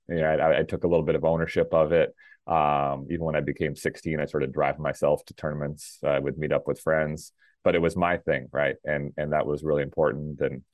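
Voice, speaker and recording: A middle-aged man from Minnesota, a former pro tennis player, telling his story in a relaxed interview with lots of fillers and restarts. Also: low-pitched, dry recording, clean studio sound. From Minnesota, USA. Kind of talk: casual interview talk.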